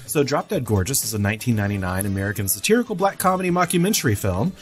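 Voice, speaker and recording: A man co-hosting a film podcast, joking casually and reading out a film summary. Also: mid-range voice. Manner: jokey, reads film summary aloud. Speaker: podcast co-host. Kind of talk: casual chat.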